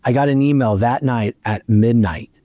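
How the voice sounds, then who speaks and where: Hosting his podcast, a middle-aged man tells a lengthy story in a relaxed chat, bringing the dialogue to life with animated delivery. His mid-range voice moves at a normal speed, with clean studio sound and no echo.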